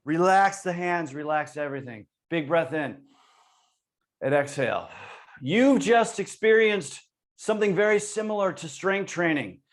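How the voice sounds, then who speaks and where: A man leads a live online exercise session, his voice sitting a little higher than most men's. He calls out each move with energetic, encouraging cues, sounding like he is talking through a video call. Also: unhurried. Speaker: exercise instructor and presenter.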